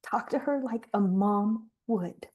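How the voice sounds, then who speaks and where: A young adult woman gently guiding a reflection exercise, talking softly and emotionally with slow encouraging words. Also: medium pitch, dull audio. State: emotional, near tears. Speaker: fitness coach leading a guided exercise. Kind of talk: guided reflection exercise on a live call.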